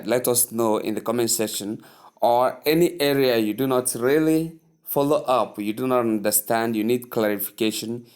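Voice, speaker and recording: A man teaching English pronunciation, repeating each word slowly and asking the listener to say it after him. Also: mid-range voice, a little mellow. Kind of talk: slow, deliberate spoken lesson.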